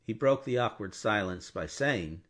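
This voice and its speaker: A man narrating a classic novel as an audiobook, in an expressive, measured storytelling manner. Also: on the low side. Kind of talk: scripted narration.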